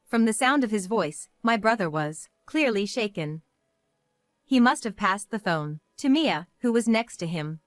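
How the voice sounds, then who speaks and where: A woman in her thirties telling a first-person family drama story in a steady, matter-of-fact way. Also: mid-range voice, moderate pace, no room sound. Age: 30s. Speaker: narrator.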